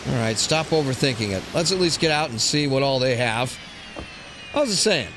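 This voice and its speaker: A man hosting a let's play, rambling crudely and joking to himself over loud game sounds. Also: medium pitch, lively intonation, brisk, a little hiss or hum. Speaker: gaming channel host. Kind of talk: casual let's play commentary.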